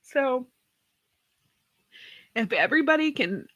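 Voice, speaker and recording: A woman's voice: sits high, animated, slow, fairly bright tone, no echo, studio quality. A woman hosting a casual live stream, tearful after crying, talking in a rambling way with sighs and many restarts. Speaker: host of a farm channel live stream.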